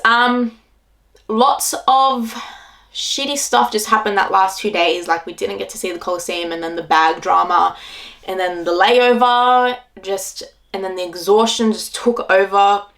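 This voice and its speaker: A woman's voice: mid-range voice, a bit bright. A woman in her twenties with an Australian accent, casually retelling her trip to camera in a chatty way, full of "like"s. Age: 20s. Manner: chatty, filler-heavy retelling with many "like"s. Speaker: travel vlogger.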